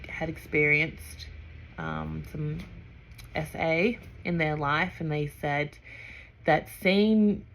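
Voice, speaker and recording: A young woman with a low voice speaks softly and reflectively, pausing often and searching for words. She talks through a personal experience in a gentle, unhurried way. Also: a little hiss or hum. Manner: soft, halting, with many fillers and pauses. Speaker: breathwork trainee.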